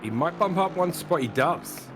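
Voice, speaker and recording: A man's voice: fairly high pitch, lively intonation, normal speed, noisy background. A man co-commentating a sim race, joking with his partner while getting over a cough. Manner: jokey, banters with co-host. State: recovering from a cough.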